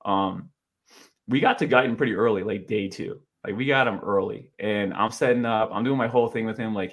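A young man co-hosting a podcast, telling a self-deprecating story in a rambling, animated way with lots of filler words. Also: on the low side, a little fast. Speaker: podcast co-host. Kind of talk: casual storytelling chat.

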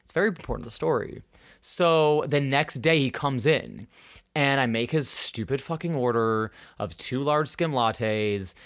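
A man's voice: mid-range voice, unhurried, a bit bright. A young man hosting a podcast, telling a story in casual chat, acting out the voices of people he quotes and swearing freely. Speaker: podcast host.

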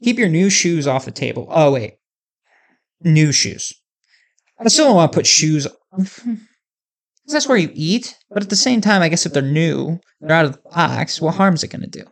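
A male podcast host chats casually and rambles, jokes and fills his talk with "like". His voice sits fairly high for a man. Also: big pitch swings, normal speed, gravelly. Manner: rambling, joking, many fillers.

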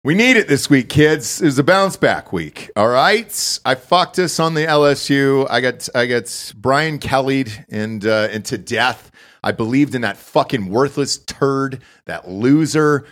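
A male podcast host talking sports betting in a loose, casual way. He is brash and swears freely, rambling through picks and ad reads in a middle-pitched voice. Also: unhurried, a bit bright.

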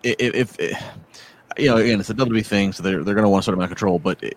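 A man's voice: fairly low pitch, very fast. A man co-hosting a casual wrestling podcast, thinking aloud hesitantly with many restarts. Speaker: podcast co-host.

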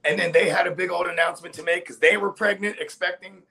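Casual podcast co-host, man, high gravelly voice, profane storyteller. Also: fairly even intonation, fast, bright, forceful tone, low-quality recording. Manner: loose storytelling with profanity, acts out quotes in a high voice. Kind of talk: casual sports podcast chat.

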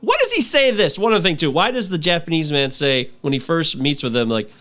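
A man in a casual film chat, asking questions in a halting way with frequent restarts. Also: fairly high pitch, sing-song, fairly bright tone. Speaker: podcast co-host discussing a film.

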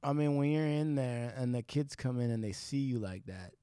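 A man's voice: medium pitch, moderate pace, mellow, clean tone, dry recording, clean studio sound. A man hosting a casual podcast interview, asking curious, probing questions and swearing casually. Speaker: podcast host.

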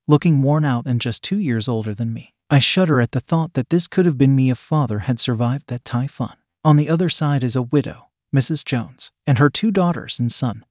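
A man reading a first-person story aloud in a measured, even storytelling manner. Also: medium pitch, no echo, studio quality. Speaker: audiobook reader.

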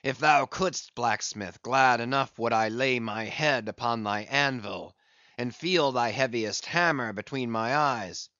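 A man doing a brooding, obsessed old sea captain from an audiobook, giving commands in slow, weighty, old-fashioned speech. His voice is plain in pitch, and the dry recording sounds a little dull. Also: pushed and bright, no echo. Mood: intense. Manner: passionate, commanding, archaic speech.

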